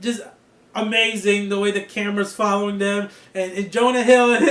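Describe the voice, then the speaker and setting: Excitable, high-voiced man reviewing a show. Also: normal speed, reverberant. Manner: excitable, laughs often, swears freely. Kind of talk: casual review monologue.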